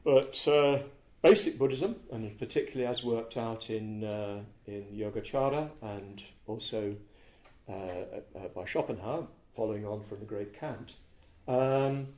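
A man giving a reflective dharma talk as a Buddhist teacher, halting and searching for words, often correcting himself. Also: mid-range voice, darkish tone.

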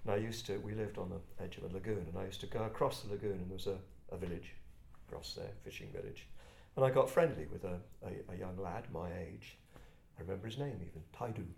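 An older English man from Kent telling personal stories to a group in a reflective, halting, self-deprecating way. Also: low voice, lively intonation, creaky, darkish tone. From England, Kent. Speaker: speaker addressing a group. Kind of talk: personal storytelling talk. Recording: roomy echo.

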